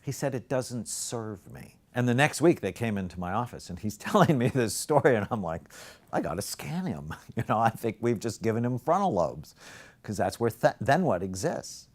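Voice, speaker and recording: Deep-voiced man telling lecture stories. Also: fairly quick. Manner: animated storyteller, swings from loud emphasis to soft near-whispers. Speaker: psychiatrist lecturer. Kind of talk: storytelling lecture.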